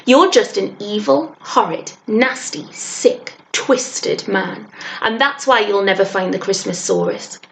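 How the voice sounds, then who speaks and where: A woman voicing a brave, defiant young boy in a children's storybook, speaking high and emphatically. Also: sing-song, slow pace, slight background noise, low-quality recording.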